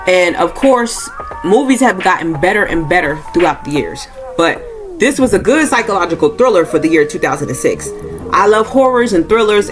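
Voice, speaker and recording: A woman giving a casual, informal movie review, talking loosely and acting out characters' lines in a raised voice. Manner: informal, uses y'all, acts out quoted lines with rising pitch. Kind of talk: casual plot recap and review.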